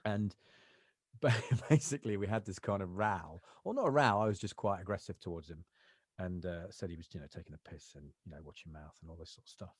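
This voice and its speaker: Guy, lowish voice, rambling stories w lots of fillers, dry close sound. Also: brisk, husky, no echo. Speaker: actor and voiceover artist, guest. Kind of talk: casual interview chat.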